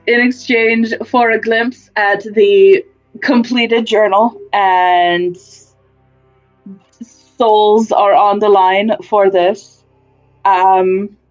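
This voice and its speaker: A woman's voice: mid-range voice, lo-fi sound. Profane woman rambling through a game recap. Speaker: player giving a session recap. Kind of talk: casual recap of a tabletop game.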